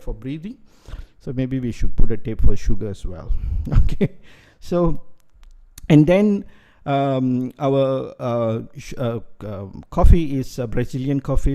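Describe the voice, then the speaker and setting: A man with a very dark, mellow voice gives a rambling health talk as a doctor promoting coffee. He lectures at length, restarts his sentences and asks himself questions before answering them. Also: medium pitch. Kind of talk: casual health and product talk.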